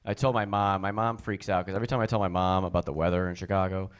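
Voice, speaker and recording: A man from New Jersey doing a stand-up comedy set on stage, chatting fast and acting out the people in his stories with high put-on voices. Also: level tone, smooth. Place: comedy stage before a live audience.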